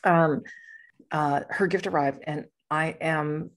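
A woman's voice: deep voice, fairly even intonation, takes it slowly. A woman hosting a podcast, chatting casually in a rambling, playful way and laughing often. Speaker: podcast host. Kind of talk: casual chat.

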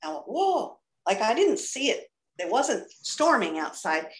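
A middle-aged woman giving a personal testimony over a video call, an animated storyteller who acts out the dialogue. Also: mid-range voice, moderate pace, reverberant. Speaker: ministry speaker giving testimony. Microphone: video call computer mic.

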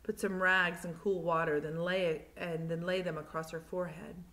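A woman voicing a tired woman doctor who speaks in a calm, matter-of-fact way, read from a storybook. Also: fairly low pitch, normal speed, lightly acted. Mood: instructive.

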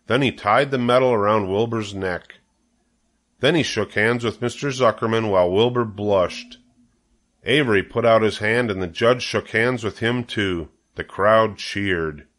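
A man's voice: fairly low pitch, fairly bright tone. Older man reading a storybook aloud. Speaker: storybook reader. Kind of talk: reading a children's novel aloud.

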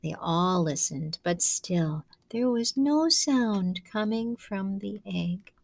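A woman, a kindergarten teacher, reading a picture book aloud to children in a gentle, coaxing way, asking them questions and dropping to soft whispers. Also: medium pitch, lively intonation, takes it slowly, vocal fry, a little hiss or hum.

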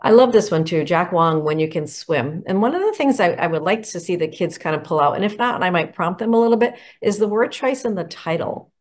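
A woman's voice: on the low side, expressive, brisk, hardly any pauses. A woman educator explaining picture book covers to teachers in an enthusiastic, explanatory way. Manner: enthusiastic, explanatory, poses questions. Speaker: educator presenting picture books. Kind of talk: instructional talk to teachers.

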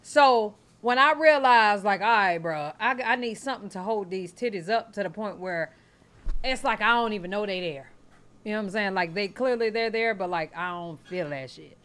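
A woman's voice: mid-range voice, normal speed, a bit bright. A woman hosting a reaction video, talking bluntly and jokingly with profanity. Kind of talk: casual reaction commentary.

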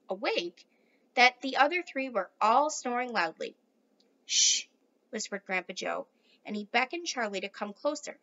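Bright, high woman reading a storybook. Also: dull audio. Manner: warm, friendly address to listeners. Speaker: teacher reading aloud. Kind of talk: storybook read-aloud.

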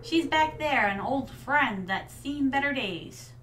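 A woman's voice: sits high, animated, slow pace, fairly bright tone, recorded from a distance, a little hiss or hum, full character voice. A woman voicing a friendly older male fisherman in a game, with folksy old-sailor talk.

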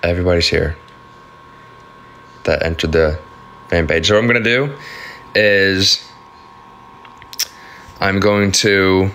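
A man's voice: fairly low pitch, measured pace, pauses often, fairly bright tone, slight background noise. A young man chatting casually on a phone livestream at home, reading out viewer comments and thanking them for gifts.

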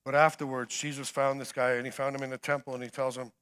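Bright, forceful preacher man. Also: mid-range voice, flat delivery, fast, few pauses, clear, resonant tone. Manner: emphatic, swings between shouting and hushed storytelling. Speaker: guest preacher. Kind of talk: sermon.

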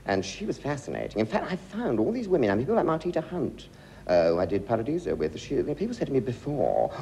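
A man's voice: medium pitch, sing-song, fast, vocal fry, mellow, a little hiss or hum. Theatrical swooping English-show guest, a man. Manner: theatrical, swooping voice, acts out quotes. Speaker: guest comedian. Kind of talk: chat show anecdotes. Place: television studio.

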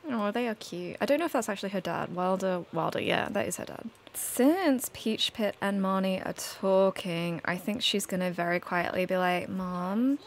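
A woman's voice: medium pitch, normal speed, hardly any pauses, a little hiss or hum. A woman narrating her gameplay in a casual, chatty, storytelling way. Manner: chatty, storytelling, laughs now and then. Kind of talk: casual let's-play narration.

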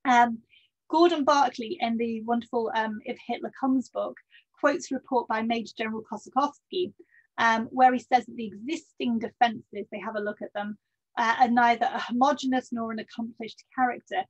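A woman delivers a history lecture in a higher-pitched, slightly husky voice, steady and measured, with many ums and the odd dry aside. The sound is dull and lo-fi. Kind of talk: public history talk.

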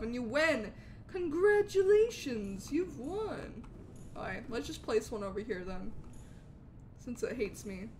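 A woman streaming a game live, excitable and chatting with viewers, with hiccups. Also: fairly high pitch, slight background noise. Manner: excitable, talks to chat, frequent outbursts. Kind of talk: live gameplay commentary.

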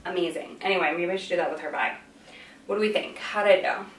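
A woman's voice: lowish voice, fast talker, distant mic. A young woman in a casual fashion vlog, chatty and prone to tangents. She sits a little away from the camera mic, so her voice carries an echoey room sound with a faint hum behind it. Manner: rambling, goes off on tangents. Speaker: fashion vlogger.

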